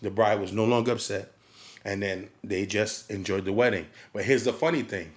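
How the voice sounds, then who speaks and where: A man's voice: fairly low pitch, moderate pace. A man who works as a DJ, telling a story in casual podcast chat and acting out quotes and crowd hype.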